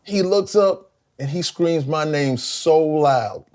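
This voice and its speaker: An older man from South Carolina, a guest musician telling lively stories in an interview, acting out voices and laughing often. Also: on the high side, takes it slowly, crowd noise. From Columbia, South Carolina. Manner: animated storyteller, acts out voices, laughs often. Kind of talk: storytelling interview.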